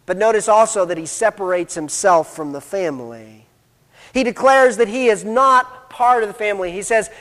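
Casting note: high-pitched male pastor with a cold, emphatic sermon delivery, long hall reverb. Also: moderate pace, a bit bright. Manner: emphatic, repeats "notice" to stress points. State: has a cold, coughing.

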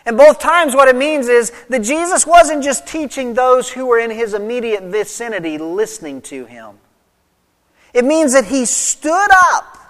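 A preacher giving an expository sermon, stressing points loudly and then dropping quiet. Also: mid-range voice. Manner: emphatic teaching, swinging between loud stresses and quiet drops. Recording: long reverb of a large hall.

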